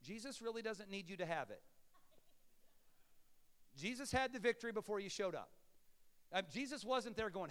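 A male pastor preaching a sermon, swinging between shouts and low murmurs, with playful asides to the congregation. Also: animated, moderate pace, pauses often, clean tone, big-room sound.

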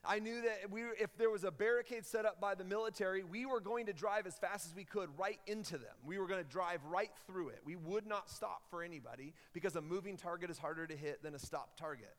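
A high-voiced young male preacher tells a story to his congregation, building to loud, excited peaks. His voice rings out with a long reverb, as if in a large church hall. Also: fairly quick, few pauses. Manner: animated storyteller who rises loud and high at climaxes. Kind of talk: sermon storytelling.

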